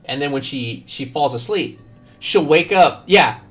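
Male streamer, joking profane banter, very animated pitch, game music faintly underneath. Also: measured pace. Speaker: gaming streamer. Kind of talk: casual gameplay commentary.

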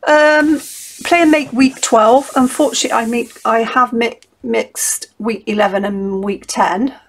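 A woman's voice: on the high side, fairly even intonation, a little slow. A middle-aged woman, chatting casually and rambling through a craft tutorial at her desk. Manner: chatty, rambling, self-interrupting. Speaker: craft vlogger.

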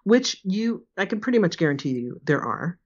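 A woman in her sixties chats as an interview guest, laughing often and slipping into voices for the people she quotes. Her voice sits fairly low, and the audio is dull and lo-fi. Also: sing-song, moderate pace. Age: 60s. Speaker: guest, remote viewing teacher. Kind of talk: casual interview chat.

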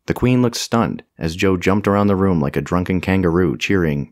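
A man's voice: sits low, normal speed, hardly any pauses, dry recording, studio quality. A man narrating a comic fantasy audiobook with a wry, storytelling delivery.

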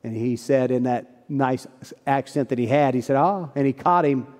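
A man's voice: mid-range voice, fairly even intonation, normal speed, a little mellow. A man preaching a sermon as pastor, telling a story in earnest, folksy phrasing. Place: church sanctuary. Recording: long church hall reverb.

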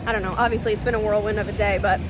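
A woman's voice: mid-range voice, rapid-fire. Bubbly young woman vlogging, noisy background. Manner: bubbly and excitable, laughing often. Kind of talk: casual vlog chat.

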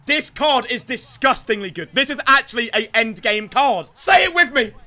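A young man commentating his own football video game matches, hoarse from yelling celebrations. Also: extremely high pitch, lively intonation, normal speed. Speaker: gaming YouTuber.

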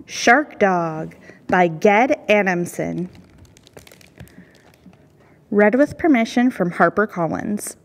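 A woman reading a children's picture book aloud at a library storytime, calm and steady. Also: medium pitch, slow pace, long pauses, big-room sound.

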